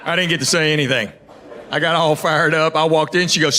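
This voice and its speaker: A male stand-up comedian telling stories in a dry, deadpan way, repeating words for punchlines, on a stage before a laughing audience. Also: fairly high pitch, fairly quick, background noise. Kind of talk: stand-up storytelling. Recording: live show with loud audience laughter.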